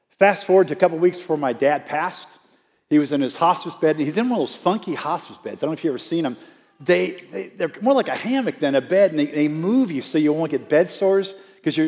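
An outreach minister preaches a storytelling sermon in a church sanctuary, coaxing the congregation to repeat lines back. His voice is mid-range with a darkish tone, and the church hall adds a long reverb.

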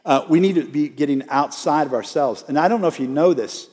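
This middle-aged pastor's voice sits fairly high, moves a little fast, and carries a darkish tone. Preaching in a church sanctuary, he mixes emphasis with a conversational manner and poses many rhetorical questions, all under a large hall's long reverb.

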